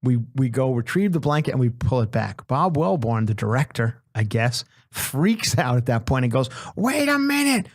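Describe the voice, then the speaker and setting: A man's voice: medium pitch, normal speed, few pauses, no echo. Man, podcast host, casual comic storytelling, swears a lot, acts out voices, dry close sound. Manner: profane, animated comic storyteller who acts out the people in his story.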